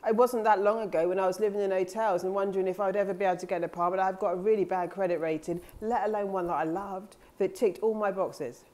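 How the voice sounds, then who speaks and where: A woman life coach gives a casual motivational monologue, speaking earnestly and candidly to her audience, swearing now and then and acting out her own past thoughts in quoted asides. Her medium-pitched, mellow voice is steady and fast, with hardly any pauses.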